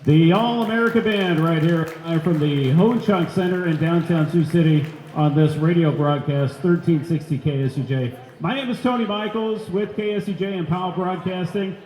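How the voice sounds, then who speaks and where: A high-voiced man hosting a live radio broadcast, chatty and upbeat with easy little jokes. He speaks from a big event center, his voice ringing with a long hall reverb. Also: moderate pace, darkish tone. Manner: upbeat, chatty, light joking. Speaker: radio host.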